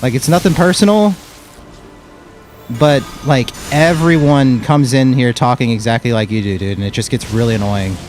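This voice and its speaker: A man's voice: mid-range voice, moderate pace. Young male streamer, casual and blunt, mid-range voice, faint music under him. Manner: casual and blunt, calls people dude and bro. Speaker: game streamer. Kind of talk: live gameplay commentary with chat.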